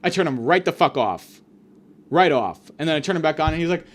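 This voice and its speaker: A man hosting a podcast, rambling through a crude comedic monologue full of fillers and deadpan exaggeration. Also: fairly high pitch, a little fast. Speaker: podcast host.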